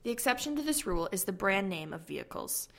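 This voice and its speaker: A woman hosting an educational podcast, reading a scripted explanation in a clear, measured way. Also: medium pitch, sing-song, fairly bright tone. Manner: clear, measured read-aloud delivery. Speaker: podcast host explaining writing rules.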